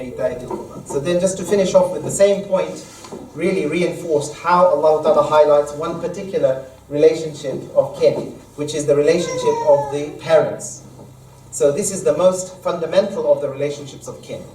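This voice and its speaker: A man's voice: on the high side, normal speed, a little mellow. A man giving a Friday sermon as imam, quoting Arabic verses and explaining them in plain terms. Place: mosque hall. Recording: echoey hall, mic at a distance.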